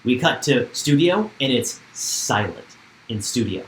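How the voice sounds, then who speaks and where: A man's voice: medium pitch, sing-song, a little slow, roomy sound, slight background noise, low-quality recording. A man co-hosting a podcast, narrating TV scenes step by step in a casual recap chat. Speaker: podcast co-host.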